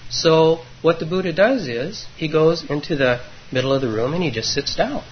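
A man giving a dharma talk as a meditation teacher, retelling a story gently and unhurriedly with frequent hesitations, in a dull lo-fi recording with faint noise. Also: a little high, animated, normal speed.

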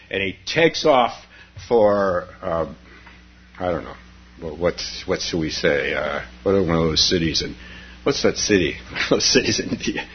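A man's voice: sits low, a little hiss or hum. A man teaching meditation on retreat, telling stories in a rambling way with frequent chuckles. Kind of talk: dharma talk on retreat. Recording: dull lo-fi recording.

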